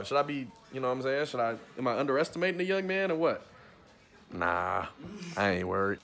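A young man vlogging in a fast, slangy, hyped-up casual chat. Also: medium pitch, lively intonation, fairly bright tone.

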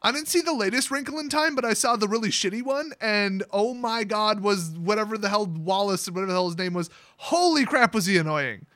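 Man, comedic story retelling, sarcastic, rambling, high pitch, bright. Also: expressive, fairly quick, few pauses, no echo, clean studio sound. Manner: sarcastic, rambling, mocking asides. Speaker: channel host.

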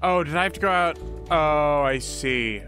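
A man's voice: on the high side, unhurried, pushed and bright, soft background music. A man commenting on a horror game as he plays, goofy, talking to himself and exclaiming often. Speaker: gamer. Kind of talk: let's play commentary.

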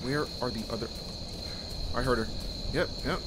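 A man commentating a horror game for his channel, excitable, often yelling and swearing in panic. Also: medium pitch, moderate pace, noisy background. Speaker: gaming YouTuber. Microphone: headset or desk mic, no face cam. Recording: music playing behind.

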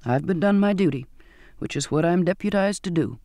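A man's voice: high voice, expressive, a little fast, mellow, no echo, clean studio sound. A man voicing a decrepit, cringing old male sailor who murmurs humbly. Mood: hangdog.

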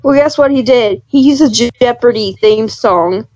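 A woman's voice: on the high side, normal speed, a little mellow, no room sound. A young woman chatting casually as a podcast guest, rambling through stories and giggling often. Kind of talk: casual chat. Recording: dull dry lo-fi mic.

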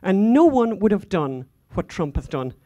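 An Irish woman with a medium-pitched, sing-song, mellow voice tells anecdotes from a conference stage at a moderate pace, chatty and rambling with frequent asides and fillers. The recording sounds muffled.

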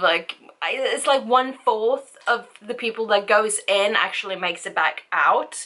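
A woman's voice: on the high side, sharp tone. A woman vlogging a casual book review, rambling and chatty with lots of fillers.

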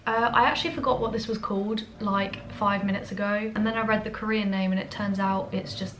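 A woman's voice: mid-range voice, fairly even intonation, a little fast, background noise. A young British woman from England telling stories to camera in a casual vlog, chatty and self-deprecating, recorded in her apartment on a compact camera mic. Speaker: vlogger.

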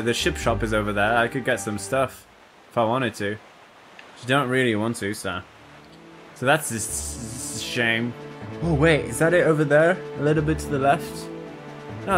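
A man's voice: mid-range voice, normal speed. A man giving casual, profane let's play commentary, joking and talking to himself as he plays. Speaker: gameplay commentator. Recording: game music loud behind.

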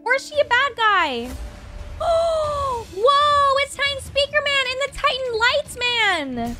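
Woman, reaction-video host, unhurried delivery, animated pitch, gasping exclamations. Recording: music playing clearly underneath.

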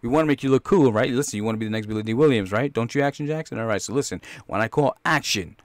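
A man's voice: medium pitch, racing, no room sound, lightly acted. A man voicing a hot-tempered, foul-mouthed film director who bosses an actor around. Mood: coaxing. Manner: coaxing, then yelling insults.

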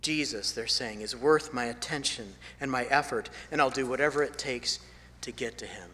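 A man preaching a sermon as a pastor, telling a story and swinging from emphatic lines to hushed ones, with phrases repeated for emphasis. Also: mid-range voice, normal speed. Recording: long hall reverb.

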